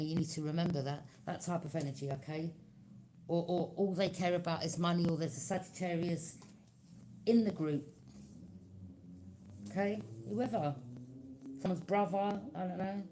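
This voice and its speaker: A woman's voice: lowish voice, steady tone, moderate pace, pauses often, dark tone, slight background noise. A woman giving a tarot reading to her viewers, talking in a loose, conversational way, often checking in with "okay?" and acting out quoted reactions in her own voice. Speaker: tarot reader.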